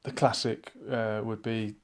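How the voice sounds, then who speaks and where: A man's voice: lowish voice, flat delivery, a little slow. Musing man hosting a live chat. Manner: musing, reads viewer comments aloud. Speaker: livestream chat host. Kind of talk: casual live-chat commentary.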